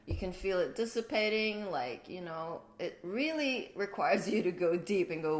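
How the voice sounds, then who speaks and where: A middle-aged woman co-hosting a spiritual livestream in casual chat, emotional and swearing freely, going from soft to loud. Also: on the low side, expressive, moderate pace, hardly any pauses. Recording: echoey room.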